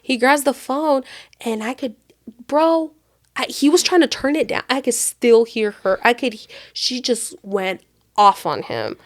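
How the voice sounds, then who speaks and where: A woman co-hosting a podcast, telling a long personal story in a loose, animated way, full of filler words. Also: fairly high pitch, unhurried. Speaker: podcast co-host. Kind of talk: casual chat storytelling.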